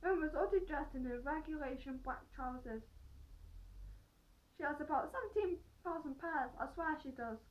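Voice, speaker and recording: A woman's voice: high voice, lively intonation, moderate pace, highs cut off. A woman reading a children's novel aloud, often breaking off to add playful, joking comments. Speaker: reader.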